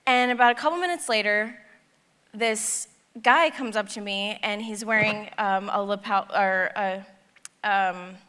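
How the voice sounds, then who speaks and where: A woman giving a personal storytelling talk at a conference, animated and acting out the dialogue. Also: medium pitch, measured pace, clear, resonant tone. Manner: animated, acts out dialogue in her stories. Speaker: conference speaker. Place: large conference hall. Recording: long hall reverb.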